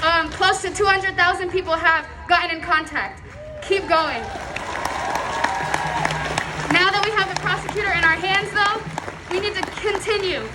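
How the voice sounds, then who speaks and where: A woman's voice: extremely high pitch, fairly even intonation, normal speed, crowd noise. Young woman organizer, earnest and a bit nervous, addressing an outdoor rally with light noise around her. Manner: earnest, slightly nervous, angry resolve. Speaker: protest organizer. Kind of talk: rally speech.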